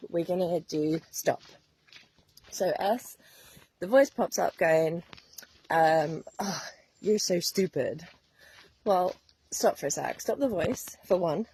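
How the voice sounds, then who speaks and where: A woman's voice: lowish voice, vocal fry, warm tone, slightly rough, low-quality recording. A woman giving a chatty, earnest wellness talk to her viewers, laughing now and then. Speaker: wellness coach. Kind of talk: casual talk to camera.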